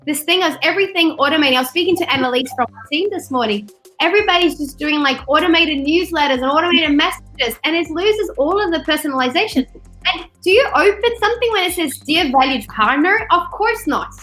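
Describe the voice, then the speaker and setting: High-voiced chatty woman hosting a webinar. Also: fairly quick, faint music behind. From not from Australia; studied there. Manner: animated, chatty, acts out quotes. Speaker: webinar host. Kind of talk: casual webinar talk. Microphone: video call.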